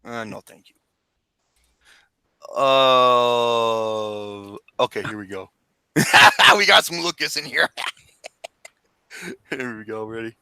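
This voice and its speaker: A man hosting a casual online chat, swearing loudly and breaking into frequent laughter and sudden outbursts. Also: mid-range voice, slow pace, gravelly, long pauses, clean tone, no room sound. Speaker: podcast host.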